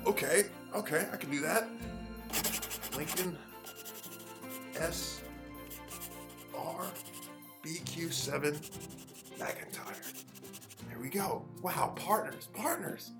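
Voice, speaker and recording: A man's voice: high-pitched, expressive, normal speed, gravelly, hardly any pauses, pitched below the performer's own voice. A man voicing a lazy, greedy grown son in a comedic audio drama, mumbling and half-hearted. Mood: sheepish. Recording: music behind.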